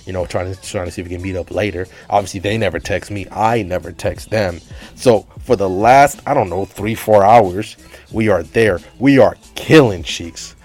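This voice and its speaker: A young man telling a comedic story in a rambling, animated way, full of filler words. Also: low voice, moderate pace, faint music behind.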